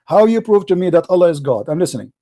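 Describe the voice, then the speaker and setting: A man's voice: sits high, lively intonation, quick pace, dark tone. A male debate show host in a heated call-in debate, mocking and combative, repeating his questions and talking over the caller.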